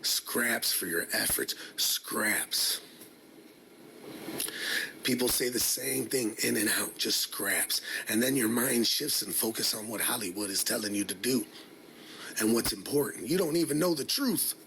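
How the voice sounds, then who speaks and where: A man's voice: mid-range voice, moderate pace, creaky, sharp tone, slight background noise. A man giving a weary, blunt, reflective vlog monologue.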